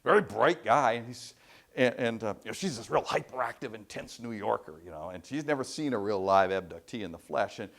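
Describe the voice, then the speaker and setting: Animated man telling lecture anecdotes. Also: lowish voice, brisk. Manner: animated storyteller, frequent restarts. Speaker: professor giving a guest lecture.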